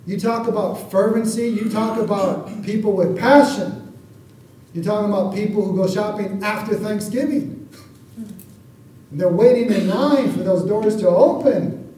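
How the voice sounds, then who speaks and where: Male pastor, high and mellow voice, preaching casually, recorded far off the mic in a roomy hall. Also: a little slow, a little hiss or hum. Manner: conversational, keeps asking the congregation for an amen. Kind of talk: sermon. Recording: echoey room, voice from far off the mic.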